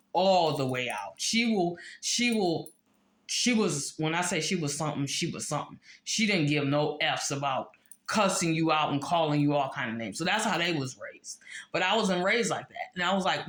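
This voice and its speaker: A woman's voice: deep voice, a bit bright. A woman talking casually to the camera in a chatty vlog, leaning hard on fillers like "like". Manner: chatty, filler-heavy, repeats "like". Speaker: vlogger. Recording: echoey room.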